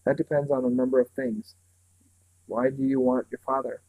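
A man reading a storybook aloud, voicing a smooth, menacing male villain who speaks blandly and condescendingly. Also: medium pitch, flat delivery, no room sound, phone-quality sound, natural voice. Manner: bland, condescending, slow and patronizing.

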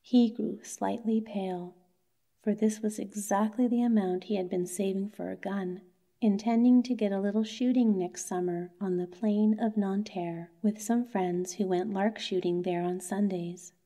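A woman narrating a bedtime story for adults in a soothing, soft manner. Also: mid-range voice, fairly even intonation, a little slow.

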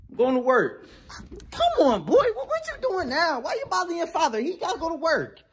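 A man voicing a loud, sharp-tongued mother who swears and scolds her son in a comedy skit. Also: extremely high pitch, huge pitch swings, slight background noise, heavily acted. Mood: scolding. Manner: swearing, exasperated, rapid scolding.

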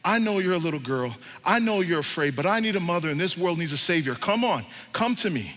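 A man's voice: high voice, very animated, fairly quick, fairly bright tone. A man voicing God as an encouraging, coaxing caller who keeps urging people to come to him, in a sermon. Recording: reverberant church hall.

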